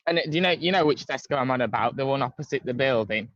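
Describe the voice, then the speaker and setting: A man's voice: medium pitch, quick pace, a bit bright, no room sound, highs cut off. A man tells a long story in casual chat over a video call. He rambles, with many fillers and restarts. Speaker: guest caller.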